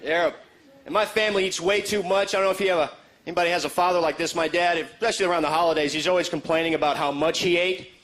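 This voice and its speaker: A male stand-up comedian telling deadpan quips to a live audience. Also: a little high, a faint crowd, slight background noise. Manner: deadpan quips, quick jokes. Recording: live show with audience laughter.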